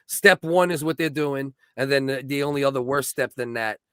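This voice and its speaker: A man's voice: mid-range voice, moderate pace, fairly bright tone, clear, resonant tone, no echo, studio quality. A married man co-hosting a comedy podcast, chatty and agreeable, often adding "you know what I mean" as he talks things through. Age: adult. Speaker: podcast co-host. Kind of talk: casual podcast chat.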